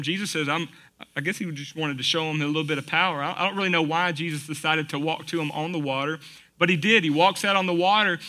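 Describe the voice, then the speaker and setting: A man's voice: high voice, pushed and bright. A man preaching a sermon in a conversational, folksy way, asking the congregation rhetorical questions. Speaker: pastor.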